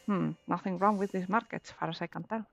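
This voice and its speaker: A woman voicing a gruff male pirate harbor official in a drawling put-on growl while reading game dialogue. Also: on the low side, fairly even intonation, fairly quick, soft background music.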